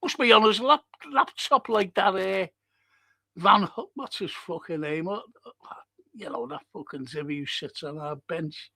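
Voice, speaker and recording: A man's voice: high voice, a little slow, creaky, pushed and bright. A man hosting a casual live podcast, reading out comments and telling rambling stories with plenty of swearing. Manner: rambling storyteller, swears freely. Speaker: podcast host.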